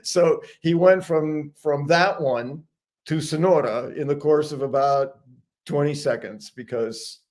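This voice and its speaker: A man's voice: a little high, steady tone, slow, a little mellow. An older American man telling a personal anecdote as a regular guest, chatty, amused and self-deprecating. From United States. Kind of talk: casual storytelling.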